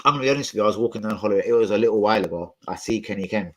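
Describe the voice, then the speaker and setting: A man's voice: fairly low pitch, racing, slight background noise, poor audio. A man chatting live on his stream, telling rambling, profane stories full of slang.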